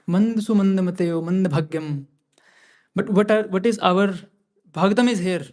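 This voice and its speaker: A man's voice: high voice, moderate pace, darkish tone. A man giving a scripture class in a temple, talking conversationally and often restarting and repeating phrases. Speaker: class speaker.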